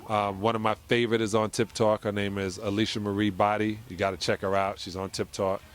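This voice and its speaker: Low-voiced middle-aged man, chatty. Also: level tone, brisk. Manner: chatty, laughing, tells stories with quoted voices. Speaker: interview guest. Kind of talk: casual interview.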